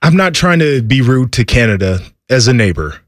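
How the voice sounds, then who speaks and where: A man's voice: medium pitch, sing-song, moderate pace, dry recording. A man on sports talk radio giving blunt, opinionated takes in loose banter. The studio sound is dry and close, with a mid-range voice. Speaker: radio co-host. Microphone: studio microphone.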